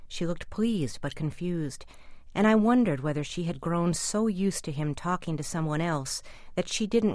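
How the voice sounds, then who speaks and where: Low-voiced woman reading a reflective essay. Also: a little mellow, no room sound, studio quality. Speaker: commentator. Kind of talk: scripted personal essay.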